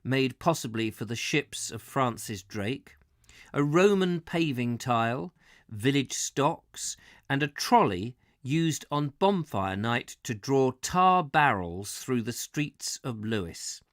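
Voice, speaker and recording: A man's voice: mid-range voice, animated, takes it slowly, a bit bright, dry recording, clean studio sound. Man reading an old travel book live. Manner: chatty asides, self-correcting.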